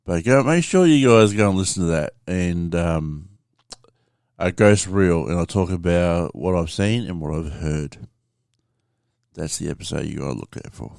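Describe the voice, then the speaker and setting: A man with a very low voice hosts his podcast in a loose, rambling monologue, swearing freely and calling his listeners mate. The sound is dry and close, with no room in it. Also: moderate pace, creaky, darkish tone, smooth, no echo. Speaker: podcast host. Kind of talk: casual storytelling monologue.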